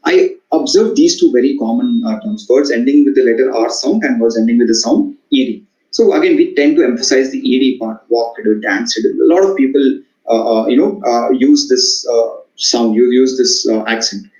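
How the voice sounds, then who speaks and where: A man's voice: medium pitch, a little mellow. Man with an Indian accent lecturing. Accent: Indian English. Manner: halting, many "uh" fillers and repeated words. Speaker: communication trainer. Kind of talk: lecture to students. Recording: echoey, dull-sounding room recording.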